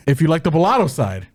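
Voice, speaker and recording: A man's voice: a little high, darkish tone, no room sound, clean studio sound. A man co-hosting a podcast, casually breaking down fight picks, swearing freely and laughing often. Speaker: podcast co-host. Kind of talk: casual sports betting chat.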